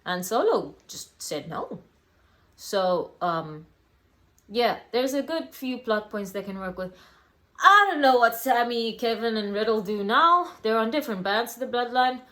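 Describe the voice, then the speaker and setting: A woman's voice: a little high, lively intonation, measured pace, pushed and bright. A young woman casually reviewing a wrestling event, rambling with lots of fillers and self-corrections. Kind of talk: casual solo review vlog.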